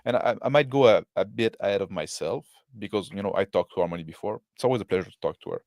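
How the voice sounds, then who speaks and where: A man's voice: on the low side, lively intonation, fast talker, darkish tone, dry recording, clean studio sound. A man giving casual commentary on a video, rambling with lots of fillers and tag questions. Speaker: co-host reacting to a video.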